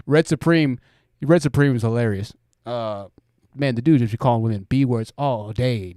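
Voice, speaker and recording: A man's voice: mid-range voice, normal speed, mellow, no room sound, clean studio sound. A man hosting a livestream, giving blunt commentary and talking straight to his chat. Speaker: host.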